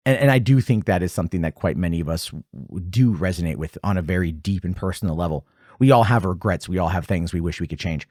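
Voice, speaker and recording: Man, forties, low-pitched host, excitable film chat, dry close sound. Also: fast, dry recording. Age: 40s. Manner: animated, jumps high in pitch when excited. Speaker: podcast host. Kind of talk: casual film commentary.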